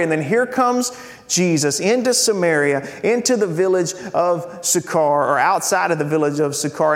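A man's voice: a little high, long reverb tail. A man preaching a sermon in a conversational way, restarting and repeating words and asking "right?".

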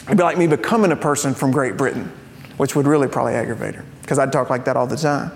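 A male pastor preaching a sermon in a conversational teaching manner, dropping in joking asides and slowing down to stress key phrases. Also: medium pitch, creaky, a little hiss or hum. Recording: long reverb of a large hall.

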